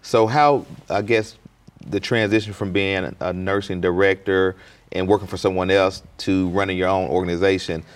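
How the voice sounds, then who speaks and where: Man, interview host, very low voice, casual questions, quick affirmations. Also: steady tone. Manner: short affirming backchannels, conversational questions. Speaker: show host.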